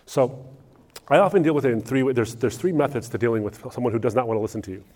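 A male pastor answering audience questions in a sermon, telling lively stories with frequent restarts. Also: medium pitch, fast. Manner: animated storytelling with frequent restarts.

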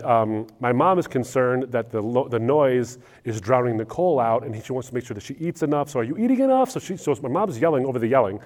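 A male pastor answering audience questions in a sermon, telling lively stories with frequent restarts. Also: mid-range voice. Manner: animated storytelling with frequent restarts.

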